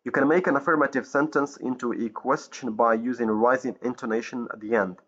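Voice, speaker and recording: A man from Morocco teaching an English grammar lesson, pausing often with fillers and correcting himself, in a dull lo-fi recording. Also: medium pitch, steady tone, fairly bright tone. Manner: hesitant, many fillers and self-corrections.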